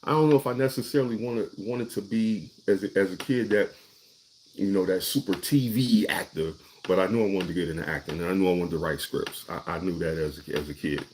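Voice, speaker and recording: Low-voiced man telling stories casually. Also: brisk, darkish tone, a little hiss or hum. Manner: conversational, restarts and repeats words often. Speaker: actor. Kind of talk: casual storytelling monologue.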